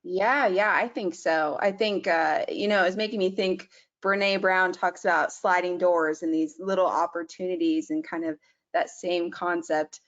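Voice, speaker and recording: A woman moderating a webinar, relaxed and thoughtful as she reads out audience questions. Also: fairly low pitch, a little slow. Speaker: webinar host. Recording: dull lo-fi audio.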